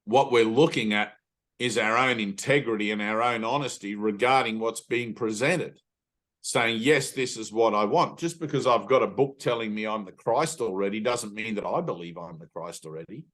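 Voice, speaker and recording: A man's voice: lowish voice, normal speed, a bit bright. A middle-aged man leading an informal spiritual talk with his students, speaking emphatically and bluntly, with the odd swear word. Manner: emphatic and blunt, swears, acts out inner voices. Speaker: spiritual teacher.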